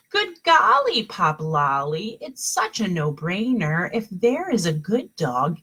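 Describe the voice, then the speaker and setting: Woman teacher, storybook read-aloud at home; lively, unhurried, slightly husky. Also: mid-range voice, low-quality recording. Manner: expressive storybook reading, pausing to explain to children. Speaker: kindergarten teacher. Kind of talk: reading a picture book aloud to children.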